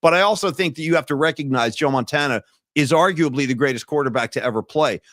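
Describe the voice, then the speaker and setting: A middle-aged man with a somewhat high voice talks sports on a podcast, lively and joking, breaking into laughs. His voice is recorded close and dry, with no room sound. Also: fast talker, dry recording. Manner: animated and joking, laughs often. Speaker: podcast co-host. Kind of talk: casual sports talk.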